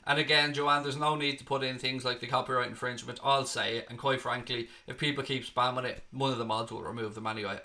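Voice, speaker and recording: A man's voice: medium pitch, pushed and bright. An Irish man hosting a live stream, chatting casually, reading viewer comments aloud and answering them, with the odd swear word. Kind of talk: casual live watchalong chat.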